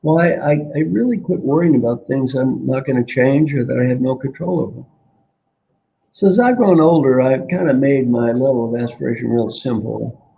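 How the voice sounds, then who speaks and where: Gravelly older man, animated storyteller. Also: medium pitch, moderate pace, muffled recording. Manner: animated, repeats key phrases. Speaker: guest executive coach. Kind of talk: reflective interview talk with storytelling.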